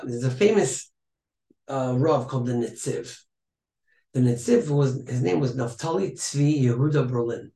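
A man's voice: medium pitch, a little mellow. A man teaching a Torah class in a conversational way, repeating phrases and checking in with his listeners. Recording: echoey room.

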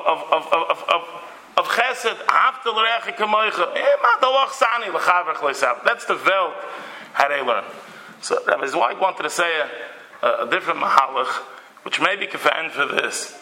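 A man gives a Torah lecture in a bright, ringing voice pitched a little high. He tells stories and acts out the people in them, sometimes with sudden loud outbursts. The echoey room carries his voice. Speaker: rabbi giving a Torah talk. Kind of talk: Torah lecture with Yiddish and Hebrew terms.

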